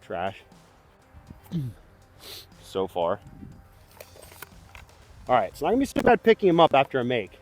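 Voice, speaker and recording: A man giving casual running commentary while playing disc golf outdoors, excitable and hard on himself, a bit out of breath. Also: mid-range voice, a little slow, pauses often, soft background music. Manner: excitable, self-critical, talks to himself between throws.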